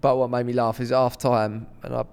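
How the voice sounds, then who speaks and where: A man's voice: mid-range voice, flat delivery, fairly quick, gravelly, a little mellow, clean tone, long reverb tail. A man, co-hosting a podcast with blunt, sweary storytelling. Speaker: podcast co-host. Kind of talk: casual banter.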